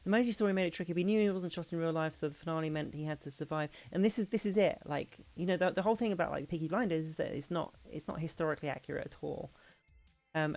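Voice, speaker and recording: A woman streamer in a casual hangout chat, talking fast and loose with frequent laughs and restarts. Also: deep voice, darkish tone. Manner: chatty, laughing, restarts sentences.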